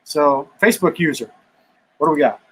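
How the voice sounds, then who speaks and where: Man, live-stream co-host, husky and a little high, easygoing and joking. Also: fairly quick, low-quality recording. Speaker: co-host reading viewer comments. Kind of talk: casual live-stream chat. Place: home garage.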